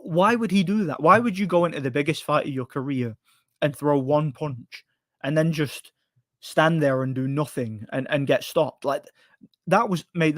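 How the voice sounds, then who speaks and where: A man's voice: mid-range voice, dry recording, studio quality. A man hosting a casual chat show, answering viewer questions in a rambling, opinionated way with many restarts.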